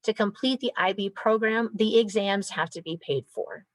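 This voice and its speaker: A woman walks parents through a school program over a video call, clear and methodical with an upbeat touch. Her voice sits in a middle pitch, and the sound is dry and close. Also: moderate pace, no room sound, low-quality recording. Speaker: IB program coordinator. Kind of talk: informational presentation on a video call.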